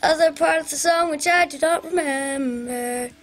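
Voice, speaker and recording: A woman's voice: high-pitched, normal speed. A young woman chatting casually over her gameplay, talking to viewers and singing bits of songs. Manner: chatty, sings along to pop songs, talks to viewers. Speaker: gaming video maker.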